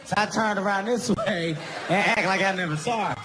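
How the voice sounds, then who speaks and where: A man doing stand-up comedy storytelling, animated and self-mocking, often laughing through his own lines. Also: high voice, brisk, a crowd in the background. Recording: live venue, audible ambient noise.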